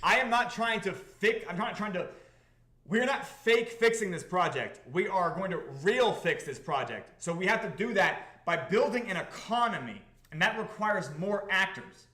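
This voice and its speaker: A man hosting a livestream about his crypto project, talking to the chat in an excitable, profane, repetitive way. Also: sits high, normal speed, few pauses, roomy sound. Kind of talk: livestream talk to a chat audience.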